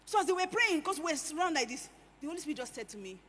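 A woman preaching a sermon, animated, swinging between hushed lines and loud emphatic ones. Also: sits high, fast. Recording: echoey hall with faint ambience.

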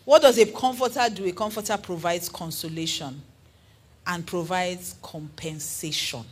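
A woman preaching a sermon in an earnest, animated way, asking her listeners questions. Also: fairly low pitch, moderate pace, slight background noise.

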